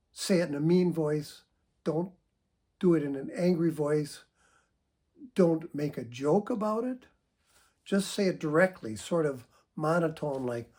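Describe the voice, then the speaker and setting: A man speaking as a psychotherapist, giving calm, measured advice to viewers with frequent "uh" fillers. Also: on the high side, slightly rough.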